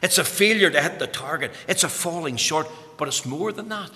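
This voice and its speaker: Male preacher, bright forceful voice, fervent sermon delivery with stammered restarts, long church reverb. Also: a little high, expressive, fairly quick. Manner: fervent, rising to emphatic peaks on scripture quotes; repeats words when starting phrases.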